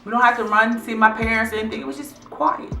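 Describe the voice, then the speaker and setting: A bright, forceful woman's voice, middle-aged and chatty, speaking warmly to her viewers. The room sounds echoey, with faint music playing behind her. She talks in a relaxed, encouraging way. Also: on the high side, fast talker. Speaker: vlog host. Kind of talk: casual chat to viewers.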